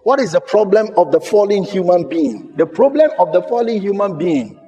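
A man preaching a sermon as pastor, impassioned, at times shouting and mimicking doubters. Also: sits high, big pitch swings, normal speed, highs cut off. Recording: echoey hall with long reverb.

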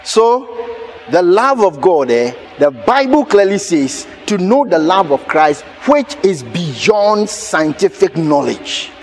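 A man preaching a sermon in a church, telling a personal story with laughter and sudden shouts. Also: high voice, slow pace, slight background noise. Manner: animated, laughing, bursts of shouting. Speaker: pastor.

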